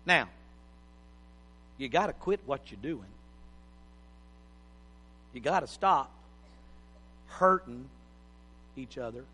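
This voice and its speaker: A man's voice: mid-range voice, expressive, takes it slowly, pauses often, sharp tone. A middle-aged man preaching a sermon in a folksy, joking, plain-spoken way. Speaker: pastor. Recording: hall reverb.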